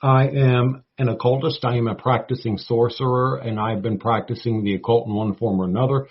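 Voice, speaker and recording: A man in his forties with a Southern US drawl talks as a guest, folksy and playful, sprinkling in baby and y'all. His voice is husky. The audio is muffled and lo-fi. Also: mid-range voice, steady tone, brisk. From North Florida, United States. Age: 40s. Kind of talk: casual talk show conversation.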